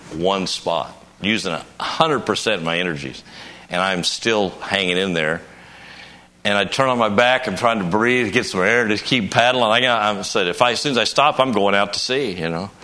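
This conference sermon comes from an older male preacher whose low, deep voice cuts through with bright force. Speaking at a moderate pace, he shares a homespun personal anecdote in a folksy manner, then climbs into emphatic outbursts.

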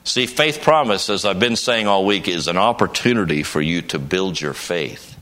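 At a conference, an older man preaches in a deep, low voice that still has a bright, forceful edge. Animated and at a moderate pace, he tells a folksy, homely story about himself before rising into emphatic bursts.

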